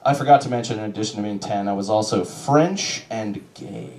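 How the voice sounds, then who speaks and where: A man performing a stand-up comedy set in a small club, deadpan, acting out characters in quick bits. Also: lowish voice, noisy background. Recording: roomy club sound. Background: audience laughter.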